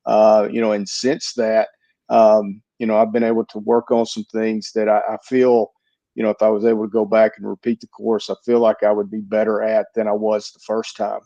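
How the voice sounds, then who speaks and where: A man who is a guest on a podcast, reflecting in a halting way with many fillers. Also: on the low side, monotone, gravelly, dark tone, no echo. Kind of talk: casual podcast interview. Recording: dull lo-fi sound.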